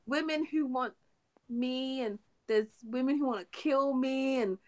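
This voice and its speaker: A young woman co-hosting a geek podcast, chatting excitedly and laughing often. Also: high voice, measured pace. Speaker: podcast co-host. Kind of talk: casual geek chat.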